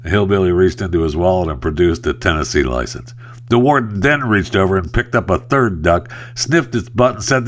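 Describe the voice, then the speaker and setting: A man's voice: low-pitched, expressive, brisk. A male talk host rambling through news items in a wry, joking way and telling a long joke. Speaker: radio host. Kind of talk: casual talk-show monologue.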